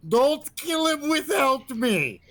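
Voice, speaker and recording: A man voicing a rowdy drunken male brawler in a tabletop game, shouting in a drawn-out, theatrical way. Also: extremely high pitch, sing-song, very noisy, pitched above the performer's own voice, heavily acted. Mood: battle-hungry.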